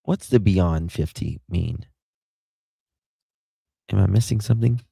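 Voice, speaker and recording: A man's voice: deep voice, unhurried, gravelly, dark tone, breathy edge, dry recording. A man with a Southern US accent hosting a casual livestream, chatting and greeting viewers by name as he reads their comments. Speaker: livestream host.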